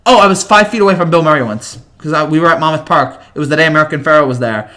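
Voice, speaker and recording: A man in his twenties speaks rapid-fire in a high-leaning voice with a sharp tone. Hosting a casual livestream, he reads viewer comments and rambles, stumbling through fillers and restarts.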